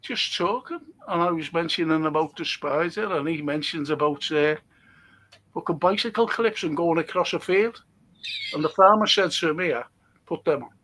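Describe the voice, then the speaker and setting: A man, a guest telling animated stories, swearing freely and laughing as he goes. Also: on the high side, moderate pace. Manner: animated, swears a lot, laughs mid-story. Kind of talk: casual chat, storytelling.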